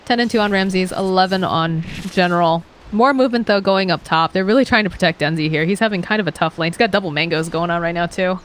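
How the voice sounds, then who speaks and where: A woman casting a live esports match, chatty and quick to laugh, acting out what the players might be thinking. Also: on the low side, a little hiss or hum. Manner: chatty, laughs easily, acts out players' thoughts. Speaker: esports caster. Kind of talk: live play-by-play commentary.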